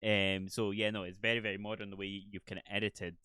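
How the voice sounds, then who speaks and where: Bright, crisp-voiced man chatting on a podcast. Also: on the low side, flat delivery, fast, no echo. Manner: rambling, laughs often, self-deprecating. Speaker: podcast host. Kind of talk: casual podcast chat.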